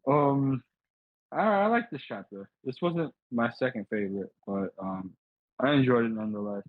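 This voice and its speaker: A man's voice: medium pitch, lively intonation, moderate pace, no echo. A man co-hosting a podcast, reacting and chatting casually. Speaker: podcast co-host. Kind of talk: casual chat. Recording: tinny phone-like remote line.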